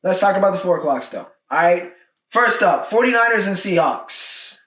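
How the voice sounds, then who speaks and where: A young man hosts a solo sports recap, casual and emphatic, circling back to drive his points home. His voice sits a bit high. He sounds set back from the mic in a roomy, echoing space. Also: lively intonation, normal speed, fairly bright tone. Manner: casual, emphatic, repeats points with "all right?". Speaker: podcast host. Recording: echoey room, mic at a distance.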